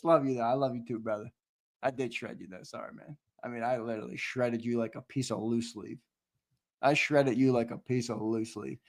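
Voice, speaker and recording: A man's voice: mid-range voice, moderate pace. Brash, profane man hosting a livestream. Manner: brash and profane, with trash talk; reads out and answers the live chat. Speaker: sports show host. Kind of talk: casual livestream chat.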